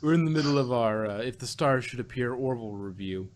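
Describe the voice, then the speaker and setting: A man's voice: medium pitch, animated, quick pace. A man co-hosting a casual review podcast, thinking aloud with lots of fillers and restarts. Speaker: podcast co-host.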